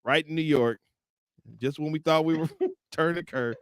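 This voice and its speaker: A man co-hosting a casual sports talk show, his voice a touch higher than most. He teases his partner and laughs as he talks, and the recording is dry and close. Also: normal speed, clear, resonant tone, dry recording. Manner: animated, teasing, laughing often.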